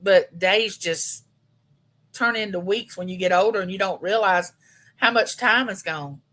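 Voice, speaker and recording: A woman's voice: mid-range voice, a little slow, fairly bright tone. A woman, chatting homily and directly with viewers on a casual live stream. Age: 50s. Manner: chatty, homey, talks straight to her viewers.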